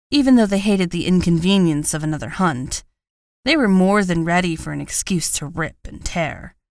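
A woman's voice: lowish voice, dry recording. A woman reading a first-person audiobook narration with a wry, understated delivery, close to the mic.

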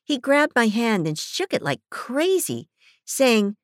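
Woman narrator, first person, wry, slow and lively in pitch, dry studio. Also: no echo. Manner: wry, animated storytelling. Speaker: audiobook narrator.

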